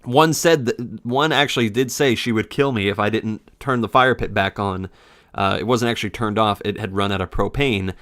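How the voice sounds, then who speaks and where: A man's voice: on the low side, normal speed, a bit bright, no echo, studio quality. A man in his twenties, a game commentator telling a casual story in a sarcastic, profane way. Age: 20s.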